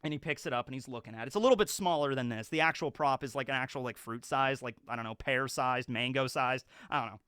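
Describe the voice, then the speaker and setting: Bright, crisp-voiced man rambling casually. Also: medium pitch, quick pace, hardly any pauses, no room sound, clean studio sound. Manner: rambling, chatty, filler-heavy. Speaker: YouTube show reviewer. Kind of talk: casual episode breakdown.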